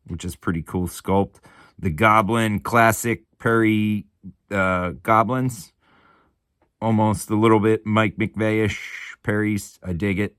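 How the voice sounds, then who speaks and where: Speaking from his home hobby room, this miniature hobby host in his forties has a low-pitched voice recorded dry and studio-clean. He keeps things casual and chatty as he shows off his pieces, swearing without restraint.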